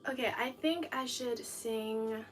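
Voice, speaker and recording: A woman talks casually to her viewers in quick, giggly bursts. Her voice sits a little high, and a faint noise runs under the recording. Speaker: livestreamer. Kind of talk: casual livestream chat.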